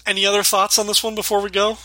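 A male podcast host with a bright, ringing tone that sits a bit higher than most men's. He talks casually and rambles, scattering "like" through his sentences and acting out quotes. The sound is dry and close, with almost no room. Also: monotone, very fast, no room sound. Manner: rambling, heavy use of "like", acts out quotes. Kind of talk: casual chat recapping a sitcom episode.

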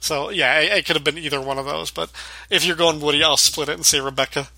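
A male podcast host with a bright, ringing tone that sits a bit higher than most men's. He talks casually and rambles, scattering "like" through his sentences and acting out quotes. The sound is dry and close, with almost no room. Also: fairly even intonation, fast, vocal fry, no echo. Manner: rambling, heavy use of "like", acts out quotes. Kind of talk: casual chat recapping a sitcom episode.

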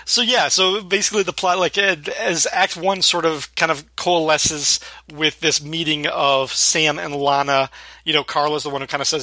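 A man's voice: on the high side, fairly even intonation, moderate pace, pushed and bright, dry recording. A man co-hosting a podcast, casually recapping a sitcom episode and laughing often as he retells scenes. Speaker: podcast co-host.

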